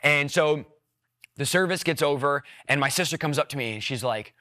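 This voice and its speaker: Man, evangelist, earnest emotional testimony; bright, tense delivery. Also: a little high, normal speed. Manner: earnest, repetitive, emotional storytelling. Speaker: evangelist sharing his testimony.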